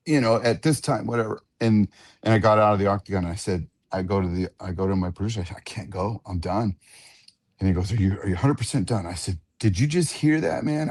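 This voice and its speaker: A man, an octagon announcer, telling animated stories in a casual radio interview and often repeating his words. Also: low voice. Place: radio studio.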